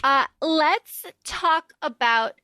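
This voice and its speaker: A woman hosting a podcast, gushing about a book with eager enthusiasm. Her voice is high and bright. The sound is dry and close. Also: expressive, extremely slow, no echo. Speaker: podcast host. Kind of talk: casual podcast chat.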